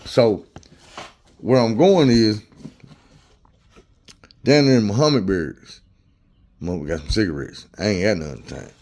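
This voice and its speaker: Man, low voice, casual storytelling, slangy and profane, acts out quotes. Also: unhurried, long pauses, a little mellow.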